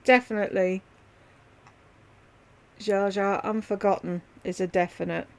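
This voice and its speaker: A woman rambles easily through a casual livestream from home, talking straight to her viewers by name. Her mid-pitched voice has a steady gravelly fry running under it. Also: a little slow. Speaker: livestream host chatting with viewers.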